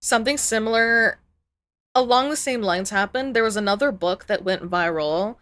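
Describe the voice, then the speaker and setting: A woman's voice: fairly high pitch, moderate pace, a bit bright. A woman streamer in casual live-stream chat, ranting heatedly and swearing freely.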